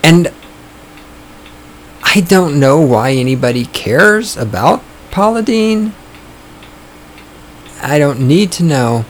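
A man hosting his own podcast, talking in a sarcastic, profane, ranting way, his voice starting to go hoarse. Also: fairly high pitch, lively intonation, takes it slowly, long pauses, slight background noise. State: voice going hoarse. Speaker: podcast host. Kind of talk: casual opinionated podcast monologue. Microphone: studio microphone.

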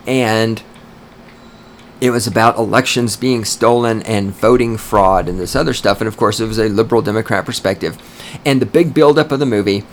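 A man hosting a podcast, delivering an emphatic, opinionated monologue with swearing, slowing down to stress key points. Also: on the low side, a little hiss or hum. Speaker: podcast host.

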